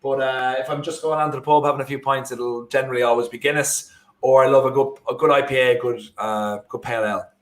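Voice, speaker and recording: A man's voice: medium pitch, fairly even intonation, quick pace. Rambling Irish man co-hosting a football stream. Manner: rambling, many fillers and restarts. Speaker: watchalong co-host. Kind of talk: casual live-stream football chat.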